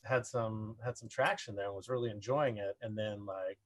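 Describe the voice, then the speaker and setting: A middle-aged man telling a casual story as a podcast guest, rambling and animated, full of "like" fillers. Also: lowish voice, normal speed, a little hiss or hum. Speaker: podcast guest, production designer.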